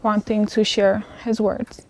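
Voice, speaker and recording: Hesitant young woman, mellow voice. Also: mid-range voice, little pitch movement, slow pace, a little hiss or hum. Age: young adult. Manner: hesitant, many ums. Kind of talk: testimony interview.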